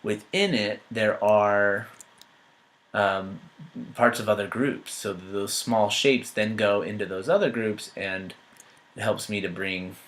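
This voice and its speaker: A man's voice: lowish voice, fairly even intonation, slow, fairly bright tone, low-quality recording. Hesitant man critiquing a painting. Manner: thoughtful, hesitant with frequent fillers and restarts. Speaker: art instructor giving critique. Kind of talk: painting critique while editing on screen.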